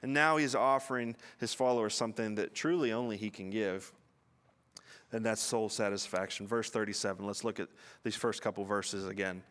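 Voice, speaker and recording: A man preaching a sermon in an earnest teaching manner, often repeating words and slowing down to stress a point. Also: on the low side, fairly bright tone. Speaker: pastor.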